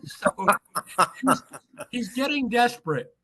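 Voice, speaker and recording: A man, an author guest on a podcast, telling a story with lively acted-out quotes. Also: very high voice, moderate pace, long pauses, slightly rough, rough recording. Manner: animated anecdote teller, acts out quoted lines.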